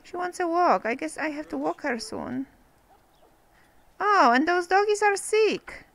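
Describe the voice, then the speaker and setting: High, lively woman gamer talking to her game. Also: unhurried, creaky, poor audio. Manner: chatty, talks to game characters, exclaims over cute moments. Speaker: let's play gamer. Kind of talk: casual gameplay commentary.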